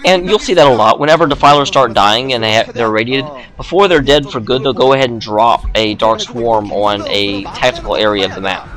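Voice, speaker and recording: A man's voice: medium pitch, fairly quick, few pauses, a bit bright. A sleepy man, yawning late at night, giving casual play-by-play commentary on a game, chatty and full of joking asides.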